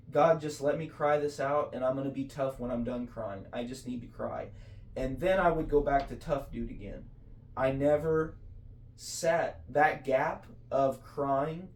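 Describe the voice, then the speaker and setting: A man talks faith on a casual podcast in an earnest, preachy way, often restarting his sentences. His voice sits at an everyday pitch and carries the echo of a roomy space, picked up from a little way off the mic. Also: a little mellow, distant mic. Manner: earnest, preachy, full of self-corrections. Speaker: podcast co-host.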